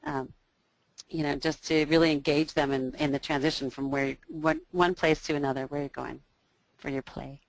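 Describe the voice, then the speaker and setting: A woman, an early childhood teacher, giving a training talk to educators with a booming voice, listing strategies with frequent ums and you knows. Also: steady tone, moderate pace, no room sound, rough recording. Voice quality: loud, booming voice.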